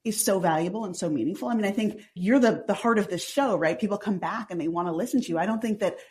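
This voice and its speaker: A woman's voice: medium pitch, fast talker. A woman, chatting as a podcast guest and saying "like" constantly. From Long Island, New York. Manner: says "like" constantly, chatty and animated. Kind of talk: casual chatty interview.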